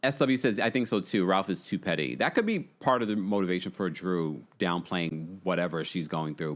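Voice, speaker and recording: A man's voice: low-pitched, normal speed, few pauses. A man hosting a casual livestream recap, chatting and reading out viewer comments as he reacts. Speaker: recap show host.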